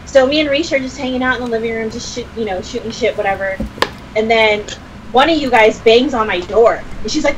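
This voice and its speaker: A woman's voice: a little high, normal speed, a little hiss or hum, low-quality recording. A young adult woman telling a story in casual chat, acting out quotes with swearing. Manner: animated, swearing, acts out quotes. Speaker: podcast co-host.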